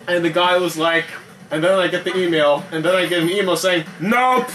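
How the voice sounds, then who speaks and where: A man's voice: high-pitched, level tone, brisk, a bit bright, faint music behind. A young man in college telling a rambling, profane story while chatting casually over gameplay. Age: young adult. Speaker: gamer and podcast-style co-host.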